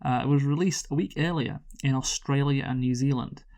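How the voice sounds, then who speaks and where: A man in his usual mid-range voice hosts a relaxed movie chat. He jokes and giggles his way through notes, often tripping and restarting mid-sentence. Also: medium pitch, brisk. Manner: joking, giggly, rambling with restarts. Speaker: podcast host. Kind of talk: casual comedic chat.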